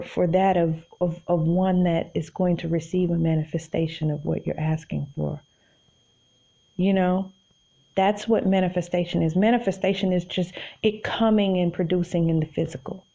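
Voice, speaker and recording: A woman's voice: medium pitch, mellow, lo-fi sound. A woman hosting a podcast, talking casually about faith from her bed, chatty and addressing listeners as y'all. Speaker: podcast host. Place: in bed at home.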